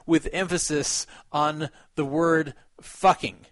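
A man's voice: fairly high pitch, fairly even intonation, unhurried, hardly any pauses, no echo. A man on a podcast who reads a written account aloud and comments on it in casual chat, with fillers and a few laughs.

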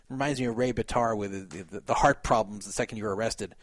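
A man's voice: fairly low pitch, quick pace, few pauses, no room sound. Man reading news with wry asides. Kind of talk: reading news aloud with commentary.

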